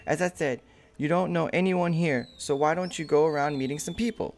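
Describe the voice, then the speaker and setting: A man's voice: fairly high pitch, a little fast, vocal fry. A man voicing a friendly, chatty lizard villager in a game, read in a plain everyday voice.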